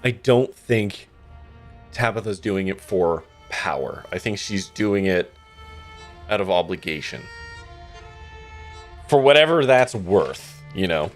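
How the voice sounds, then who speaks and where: A man's voice: low voice, expressive, slow, pauses often, soft background music. A man streaming a story game, reading the narration aloud and reacting with wry asides and swearing. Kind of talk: live let's-play commentary, reading the game text aloud.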